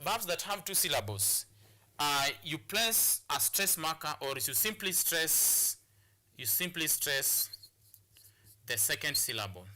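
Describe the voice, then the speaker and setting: A man teaching a televised English lesson in a very bright, ringing voice, pitched a little high. He drills each point by repeating it, with frequent restarts and fillers. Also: sing-song, a little slow. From Kenya. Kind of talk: classroom lesson on a TV show.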